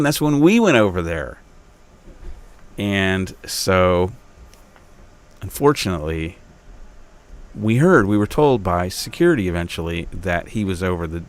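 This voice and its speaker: A man hosting his own podcast, telling a local story in a rambling, self-interrupting way, with an Upstate New York accent. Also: lowish voice. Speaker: podcast host. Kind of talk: casual monologue.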